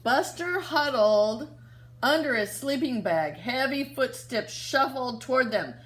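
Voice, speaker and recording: A woman teacher reads a picture book aloud to young children, speaking expressively and asking them questions along the way. Her voice is high and her pace a little slow.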